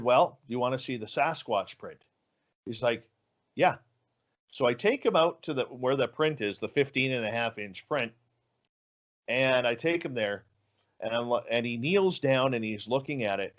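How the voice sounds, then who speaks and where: An animated male storyteller with a mid-pitched voice, letting it sink low and hushed at the tense moments. The audio is dull and lo-fi. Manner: animated storyteller, drops low and quiet for suspense. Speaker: guest radio host. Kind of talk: storytelling on a podcast.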